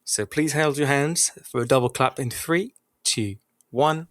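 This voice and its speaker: A man's voice: medium pitch, measured pace, very noisy. Playful young male podcast host. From North London. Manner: playful, animated. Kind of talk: casual podcast chat.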